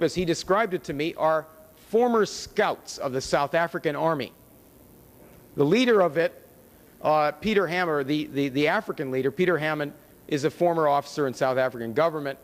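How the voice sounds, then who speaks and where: Man, high-pitched, american, conference lecture, sardonic asides, echoing hall. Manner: conversational and sardonic, with wry asides and rhetorical questions. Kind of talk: public lecture with slides. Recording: long hall reverb from a conference room.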